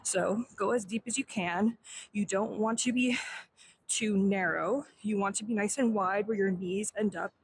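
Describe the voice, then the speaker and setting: Woman leading a stretching warm-up. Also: medium pitch, measured pace, a little hiss or hum, rough recording. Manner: encouraging, instructive, counts aloud in Japanese. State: slightly out of breath. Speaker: fitness instructor. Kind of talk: instructional demo while exercising.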